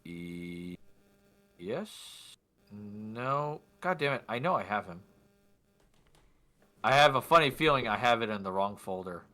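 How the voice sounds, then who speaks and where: A man's voice: on the low side, animated, measured pace, pauses often, sharp tone. A man narrating a tabletop game as game master in a casual, rambling way, muttering to himself at times.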